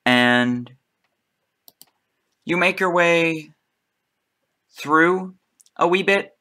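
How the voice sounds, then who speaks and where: A man narrating a tabletop game as game master, unhurried and a little hesitant. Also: a little high, bright, forceful tone.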